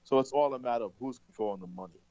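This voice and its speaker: A man speaking as a podcast guest, halting often with fillers while giving commentary. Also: mid-range voice, dark tone, no echo. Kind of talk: conversational commentary. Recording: dull lo-fi line.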